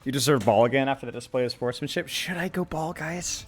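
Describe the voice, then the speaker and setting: A man streaming a game and chatting casually with viewers, excitable and repeating phrases to psych himself up. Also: medium pitch, quick pace. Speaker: streamer and coach. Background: game music and sound effects.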